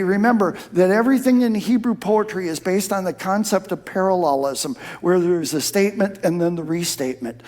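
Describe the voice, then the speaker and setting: A male pastor preaching a sermon, dropping to a soft hush for prayers and rising to emphatic shouts on key phrases. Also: sits high. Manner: drops to a soft hush when quoting prayer.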